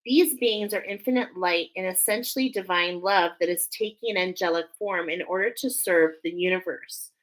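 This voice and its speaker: A woman's voice: lowish voice, normal speed, few pauses, poor audio. A woman hosting a spiritual oracle card reading, talking effusively and often emotionally. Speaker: angel oracle card reader.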